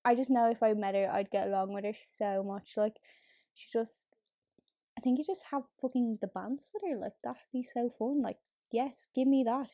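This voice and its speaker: A woman's voice: fairly high pitch, steady tone, normal speed, mellow, no echo, studio quality. A woman chatting casually as a beauty vlogger while doing her makeup, full of fillers and easy swearing. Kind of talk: casual get-ready-with-me chat.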